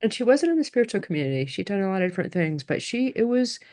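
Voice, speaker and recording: A woman's voice: medium pitch, sing-song, rapid-fire, warm tone. A woman hosting a podcast conversation, speaking reflectively and often trailing off mid-sentence. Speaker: podcast host. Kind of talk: casual chat.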